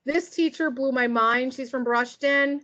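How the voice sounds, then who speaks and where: A woman with a high, bright-sitting voice runs a relaxed online workshop for teachers. She talks in a chatty, upbeat way and keeps checking in with her listeners. The sound is dull and lo-fi, like a web call. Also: measured pace. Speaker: teacher trainer. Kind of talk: casual online workshop presentation.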